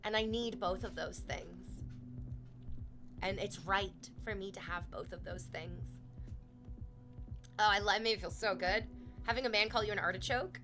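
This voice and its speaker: A young woman streamer chatting openly with her viewers, swearing freely and laughing loudly. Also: medium pitch, moderate pace, long pauses, faint music behind. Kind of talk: casual chat with stream chat.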